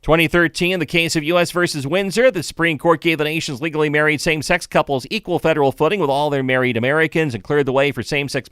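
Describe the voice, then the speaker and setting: A man's voice: on the high side, fairly bright tone, clear, resonant tone, no room sound, clean studio sound. An older man hosting a morning radio show, reading the day's history with chatty, conversational asides. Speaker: radio host. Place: radio studio.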